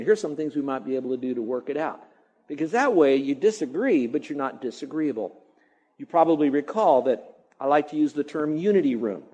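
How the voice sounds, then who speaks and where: A man's voice: on the high side, low-quality recording. A man preaching a sermon as a pastor, emphatic and repetitive, now and then mimicking grumbling.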